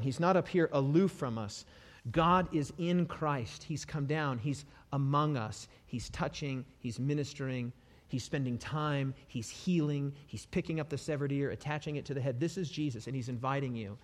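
A man preaching a sermon with passion, moving between soft pleading passages and loud, emphatic ones. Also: mid-range voice, moderate pace. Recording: long hall reverb.

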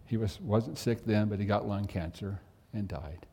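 Gravelly low-voiced preacher man. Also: normal speed, dark tone, long reverb tail. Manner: folksy storytelling, asks the congregation direct questions. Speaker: pastor. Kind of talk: sermon.

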